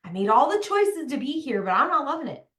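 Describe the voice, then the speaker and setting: This young woman's voice sits high and sounds very animated and a bit bright, moving at a quick pace. A mom coach and podcast host, she gives other mothers a candid, chatty, emphatic pep talk, saying "like" a lot, in an echoey space.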